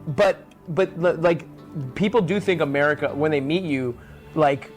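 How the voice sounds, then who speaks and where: A man chatting casually on a podcast clip, rambling and halting. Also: a little high, faint music behind.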